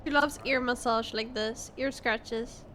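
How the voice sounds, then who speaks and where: A woman's voice: a little high, steady tone, unhurried, sharp tone, a little hiss or hum. A woman streamer chatting casually with her viewers about her cat, her voice nasal from a cold, swearing and laughing often. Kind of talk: casual live-stream chat.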